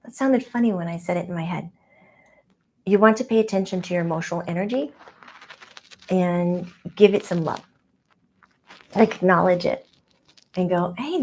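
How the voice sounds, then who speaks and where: A woman's voice: lowish voice, darkish tone. A woman channeling a playful, childlike spirit guide who speaks in a chatty, rambling way with frequent giggles and fillers.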